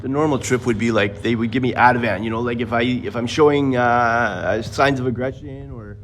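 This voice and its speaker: A man's voice: mid-range voice, fairly even intonation, normal speed, slight background noise, rough recording. Profane rambling man. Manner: rambling, profane, acts out quoted voices. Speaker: livestreamer telling a personal story. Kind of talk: casual storytelling to viewers.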